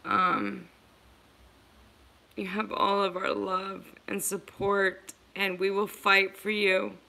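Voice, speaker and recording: A woman's voice: mid-range voice, takes it slowly, gravelly, sharp tone. A woman hosting a livestream, speaking earnestly and emotionally to her viewers, repeating herself as she offers support. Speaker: livestream host.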